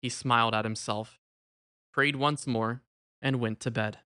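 A man narrating a religious story in a measured, gentle storytelling manner. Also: mid-range voice, fairly even intonation, no echo, studio quality.

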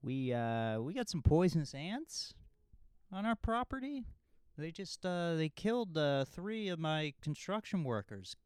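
Guy putting on a worried bearded man, pitched up and loud, stumbling over his words as he begs for something to be shut down. the voice is smooth and recorded dry. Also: big pitch swings, unhurried, dry recording. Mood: urgent pleading. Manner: urgent, stammering pleas. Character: anxious bearded man pleading with an owner.

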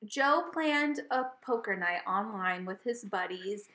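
A woman co-hosting a podcast, telling a story in casual chat, animated and laughing often. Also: mid-range voice, unhurried, roomy sound, noisy background. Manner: animated, laughing often, gets loud when retelling. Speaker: podcast co-host.

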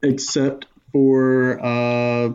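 A man's voice: mid-range voice, completely flat delivery, extremely slow, a little mellow, clear, resonant tone, lo-fi sound. A man co-hosting a comedy podcast, rambling and jokey, laughing often as he riffs. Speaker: podcast co-host. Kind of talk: casual comedy podcast banter.

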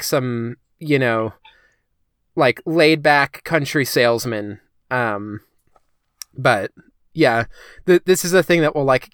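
A man's voice: mid-range voice, clean tone, no room sound, clean studio sound. A man co-hosting a podcast in a casual discussion, chatty and filling his talk with "like" and "um". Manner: chatty, heavy use of "like" and "um". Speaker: podcast co-host.

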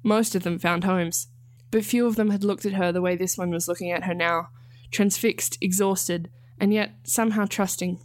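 A woman, the author, reading her own story aloud in calm, measured narration. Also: on the low side, no room sound, clean studio sound. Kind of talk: scripted narration.

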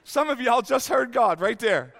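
High-voiced preacher in a reverberant hall. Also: male voice, lively intonation, normal speed, vocal fry. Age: 50s. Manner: candid storytelling, swings from hushed to exclaiming. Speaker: pastor. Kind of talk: sermon.

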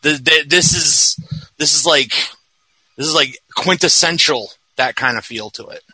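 A man's voice: a little high, sharp tone, breathy edge, no echo, low-quality recording. A man on a podcast, talking about film with enthusiasm and plenty of fillers. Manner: enthusiastic, filler-heavy, drawn-out. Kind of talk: casual film commentary chat.

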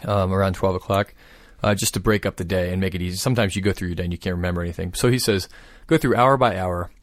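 A man calmly explaining a prayer practice in casual conversation. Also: low voice, quick pace, dry recording. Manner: thoughtful, explanatory, steady.

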